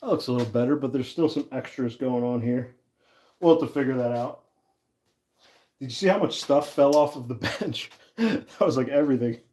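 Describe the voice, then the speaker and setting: A man's voice: mid-range voice, normal speed, mellow, a little hiss or hum. Chatty man hosting a woodworking livestream. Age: 30s. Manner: chatty, laughs easily, reads and answers chat. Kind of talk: casual livestream chat while working.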